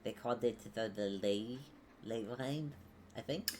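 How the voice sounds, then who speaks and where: A game master voicing a talking enchanted chair that speaks in halting, hesitant phrases. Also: mid-range voice, darkish tone, a little hiss or hum, close to an everyday voice. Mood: unsure.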